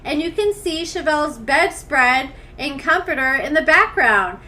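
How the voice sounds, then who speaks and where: A woman's voice: sits high, animated, measured pace, bright, forceful tone. A woman hosting a gossip commentary channel, reading messages aloud with blunt, sarcastic asides into a desktop studio mic. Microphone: desktop USB studio mic.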